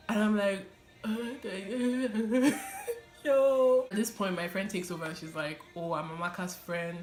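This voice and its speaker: A young woman telling her personal testimony in an animated, casual way, often laughing and using fillers. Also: on the low side. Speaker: vlogger sharing her testimony. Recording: echoey room.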